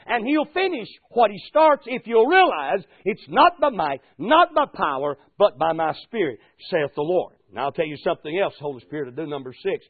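Preacher guy, high voice, gets loud and fervent, dry tinny radio sound. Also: lively intonation, normal speed, few pauses, breathy edge, no echo. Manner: rising to fervent shouts, calls of "Amen?". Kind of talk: sermon. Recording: tinny phone-like radio broadcast.

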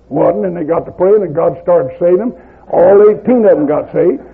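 An older man with a Southern American accent preaching a revival sermon, telling stories in a rhythmic cadence that climbs to shouts. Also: a little high, a little fast. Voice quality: gravelly, husky voice. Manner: rhythmic, rising to shouts at climaxes. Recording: lo-fi phone-like old tape.

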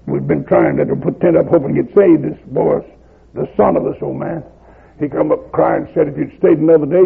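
An older man with a Southern American accent preaching a revival sermon, telling stories in a rhythmic cadence that climbs to shouts. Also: a little high. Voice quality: gravelly, husky voice. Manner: rhythmic, rising to shouts at climaxes. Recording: lo-fi phone-like old tape.

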